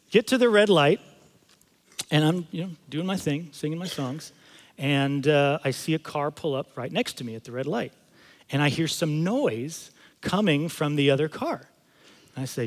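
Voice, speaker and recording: A male pastor delivers a sermon in a fairly high voice, moving between scripture reading and casual, emphatic storytelling. His voice carries a long reverb from a church auditorium. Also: lively intonation, moderate pace. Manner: conversational storytelling, emphatic asides. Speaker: campus pastor.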